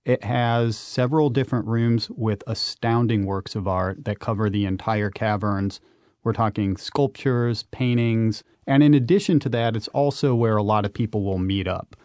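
A man, a guest on a radio interview, telling adventure stories in an animated, emphatic way. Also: lowish voice, moderate pace, dry recording. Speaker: guest, urban explorer and author.

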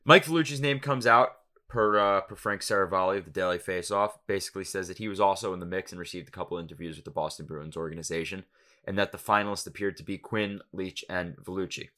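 A man with a very low voice co-hosts a casual sports podcast. His tone is bright and forceful, and he drops in wry jokes between the rumor talk. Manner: wry, quick jokey asides. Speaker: podcast co-host.

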